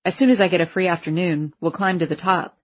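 A woman's voice: on the low side, fairly even intonation, quick pace, muffled recording, pitched below the performer's own voice, natural voice. A woman voicing a friendly grown man, a father showing his daughter around, explaining things in an easygoing way.

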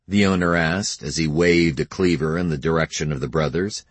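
A man reading a novel aloud as audiobook narrator, in measured scripted narration. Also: extremely low pitch, breathy edge, no room sound.

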